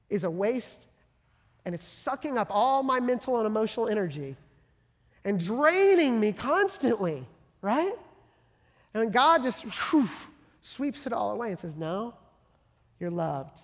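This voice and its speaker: A pastor preaching a sermon with passion, swinging from loud emphatic bursts to soft hushed lines. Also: medium pitch, sing-song, a little slow, long pauses. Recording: long hall reverb.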